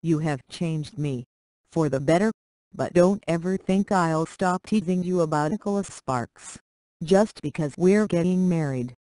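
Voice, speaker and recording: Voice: medium pitch, unhurried, mellow, dry recording, natural voice, low-quality recording. A reader doing a young bride reading vows. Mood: tender. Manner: earnest, teasing and tender. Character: young woman reading her wedding vows.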